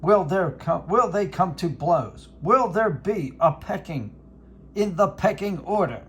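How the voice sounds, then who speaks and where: A man's voice: high voice, animated, pitched above the performer's own voice. A man putting on a grandiose old-school sportscaster. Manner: bombastic, drawn-out ringside play-by-play. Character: grandiose veteran male sportscaster calling a bout. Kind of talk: mock sports commentary.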